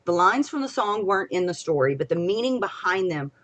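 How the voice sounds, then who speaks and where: Young woman on a live stream, lowish voice, rambly and excitable, gets loud then goes quiet. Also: brisk, muffled recording. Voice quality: rambling, excitable, swings between loud and soft. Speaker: podcast co-host. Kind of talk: casual live-stream chat.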